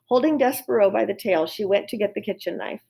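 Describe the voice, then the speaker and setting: Lady reading a kids book out loud, calm and steady. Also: medium pitch, fairly quick, creaky, breathy edge. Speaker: reader. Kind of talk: reading a children's novel aloud.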